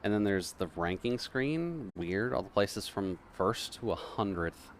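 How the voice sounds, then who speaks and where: Impatient young male gamer from a video game, read aloud by a male streamer, deep, complaining, near his own voice. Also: lively intonation, unhurried, slight background noise.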